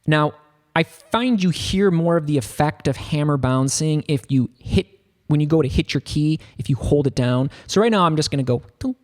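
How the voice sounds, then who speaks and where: A man giving a casual, rambling tutorial on a software synth, talking loosely with lots of filler words. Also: on the high side, normal speed, faint music behind. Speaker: music production tutor. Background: faint synth keyboard notes.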